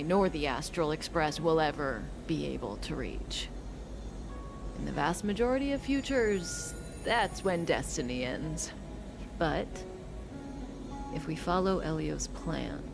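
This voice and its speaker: A calm, enigmatic seer in a game cutscene, her voice low and gravelly. She speaks slowly and knowingly, sometimes sinking to a whisper, with music underneath. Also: heavily acted. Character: calm enigmatic woman foreseeing the future. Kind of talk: video game cutscene dialogue.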